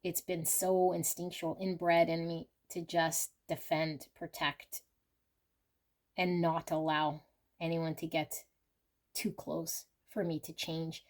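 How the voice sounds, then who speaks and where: A woman channeling, in first person, a guarded and wounded lover who speaks in an earnest, halting way. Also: low voice, flat delivery. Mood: confessional. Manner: earnest, halting, repetitive confession.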